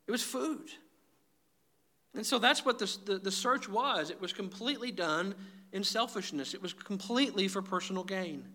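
A man's voice: sits high, moderate pace, sharp tone. A man preaching a sermon, emphatic and direct, often calling his listeners "guys". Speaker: pastor.

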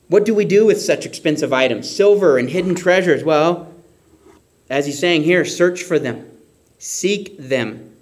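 A man preaching a sermon, expressive, acting out shouts and whispers. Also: high voice.

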